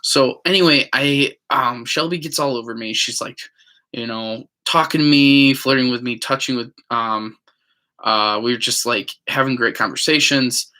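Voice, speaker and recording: Bright-voiced man rambling through a story. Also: mid-range voice, normal speed. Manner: rambling, many fillers, acts out quotes. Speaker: vlogger. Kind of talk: casual storytelling.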